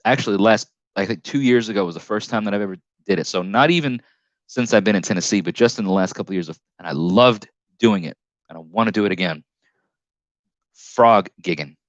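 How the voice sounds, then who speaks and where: A man's voice: fairly low pitch, quick pace, dry recording. Man, northern US accent, casual live stream chat, rambling with self-corrections, lo-fi headset audio. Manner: rambling storytelling with many restarts and self-corrections.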